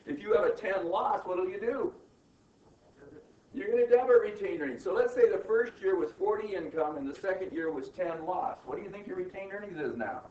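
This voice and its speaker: A man's voice: high-pitched, darkish tone, slight background noise. Middle-aged male lecturer, emphatic, keeps asking "right?", recorded from across an echoey room. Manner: emphatic, peppers questions with "right?" and "okay?". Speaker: accounting instructor. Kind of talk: classroom lecture. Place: classroom. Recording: muffled, roomy classroom recording from far off.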